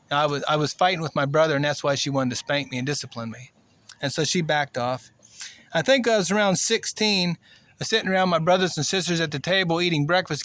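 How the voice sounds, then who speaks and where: A man in his sixties from Cuba telling a personal story in a plainspoken, rambling way, with many fillers and pauses. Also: a little high, fairly bright tone. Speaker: vlogger.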